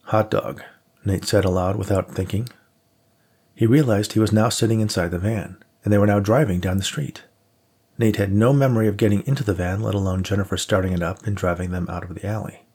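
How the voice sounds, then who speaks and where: A male audiobook narrator with a low, gravelly and somewhat husky voice. He reads in a steady, measured manner. It is a plain storytelling read.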